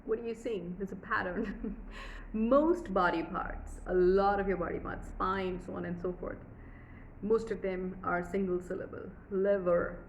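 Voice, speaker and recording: A woman's voice: medium pitch, a little hiss or hum, poor audio. A woman teaching a pronunciation workshop, drawing out example words and asking the listener questions. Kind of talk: workshop lesson.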